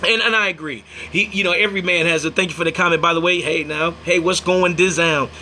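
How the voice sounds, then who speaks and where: A young man from Indiana, in the United States, hosts a casual livestream in a fairly high, brisk voice, with slight background noise. He tells stories animatedly, acting out the quotes and breaking off mid-story to thank viewers.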